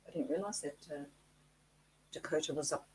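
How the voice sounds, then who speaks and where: Australian female co-host, low voice, chatty and self-mocking. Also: moderate pace, slightly rough, poor audio. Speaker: co-host of a live chat stream. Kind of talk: casual live-stream chat.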